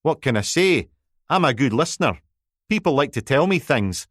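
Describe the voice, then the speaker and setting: A man's voice: mid-range voice, moderate pace, no room sound, clean studio sound, voice pushed up, natural voice. A man voicing a smug newspaper reporter who teases and needles in a sarcastic manner. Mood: smug, teasing.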